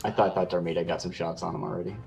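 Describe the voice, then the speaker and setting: A man's voice: deep voice, flat delivery, very fast, gravelly, darkish tone, soft background music. Man joking at the gaming table. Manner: laughing, joking banter. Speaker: player. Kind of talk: casual chat at the gaming table.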